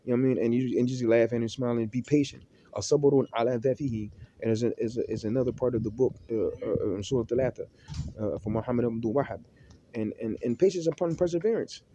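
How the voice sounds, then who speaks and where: A man talks quickly in a very dark, heavy voice. He gives unscripted religious advice, and his speech is halting, full of repeated words and fresh starts. Faint noise sits underneath his voice. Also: mid-range voice, highs cut off. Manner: halting, with many restarts, repeated words and Arabic terms. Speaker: Muslim speaker giving religious advice.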